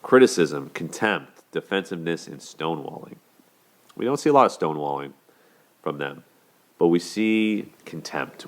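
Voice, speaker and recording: A man with a strikingly low, deep voice hosts a casual relationship commentary. He speaks conversationally, now and then acting out quoted lines in a lifted voice. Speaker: host of a relationship commentary show.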